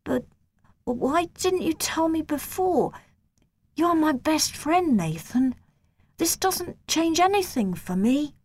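A young schoolboy in a storybook, voiced by a woman who pushes her pitch well up for him. He sounds small and earnest. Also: big pitch swings, a little slow, few pauses. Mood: shaky. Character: young schoolboy, anxious then relieved.

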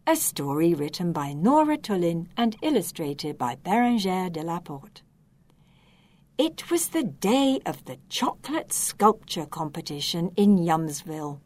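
A woman reading a children's story aloud, slow, expressive and clearly enunciated. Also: on the low side.

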